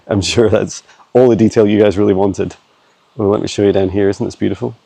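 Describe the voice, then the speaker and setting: Man, dark gravelly voice, dry close phone sound, halting casual vlog delivery. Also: fairly low pitch, steady tone, no echo. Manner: halting, many fillers and restarts. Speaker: psychic channeler. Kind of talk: casual walking vlog, channeling answers. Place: woods outdoors, walking a dog. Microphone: handheld phone camera.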